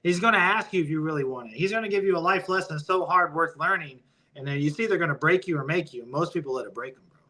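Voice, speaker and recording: A man's voice: on the high side, fast talker, bright, forceful tone. A man in his thirties, a guest on a podcast, talking in a laid-back, profane way and calling people bro. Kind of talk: casual podcast conversation.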